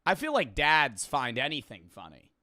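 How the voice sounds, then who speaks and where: Bright-voiced young streamer reacting casually. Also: male voice, a little high, huge pitch swings, moderate pace, no echo, clean studio sound. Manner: laughing, rambling, swears casually.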